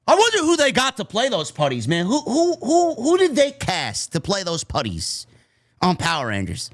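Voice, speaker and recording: A man's voice: high-pitched, wildly swooping pitch, normal speed, a bit bright, dry recording, studio quality. A man reviewing a wrestling show in a casual, rambling way, swearing freely and drifting into tangents. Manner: profane, nostalgic, tangent-prone.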